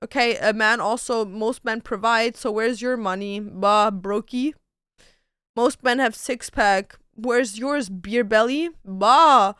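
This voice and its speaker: Bright, playful young woman streamer. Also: a little high, unhurried, clear, resonant tone, no room sound, studio quality. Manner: playful, crude, laughs a lot. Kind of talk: casual livestream chat.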